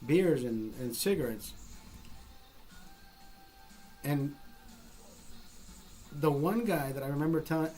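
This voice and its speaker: A man from Honduras with a Honduran accent, telling a story casually and profanely, acting out what people said. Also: on the high side. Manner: profane, animated storytelling with acted-out quotes. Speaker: podcast host.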